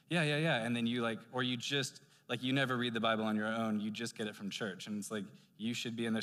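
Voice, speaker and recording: A man preaching a sermon in a church, casual and animated, with strong sibilant s sounds. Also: mid-range voice, long reverb tail. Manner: conversational, animated preaching with asides. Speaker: pastor. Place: church sanctuary.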